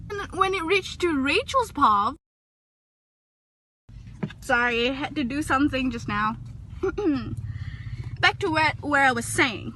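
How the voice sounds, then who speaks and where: A woman's voice: slow pace, pauses often, slight background noise. A young woman casually reviewing a book in a vlog, talking emotionally and gushing, recorded on a phone in a parked car. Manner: gushing and emotional, pitch jumping up when excited. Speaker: vlogger.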